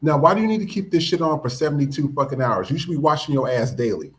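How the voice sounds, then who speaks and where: A man's voice: fairly high pitch, lively intonation, fast talker, a bit bright. A man hosting a podcast, giving blunt, profane, emphatic commentary. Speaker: podcast host. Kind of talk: casual commentary.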